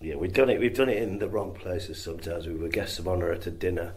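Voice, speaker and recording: A man's voice: low voice, fast talker, creaky. A man, a comedian guest, chatting through anecdotes and explaining jokes for the listener. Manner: lively, explains gags to the listener. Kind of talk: anecdotal interview chat.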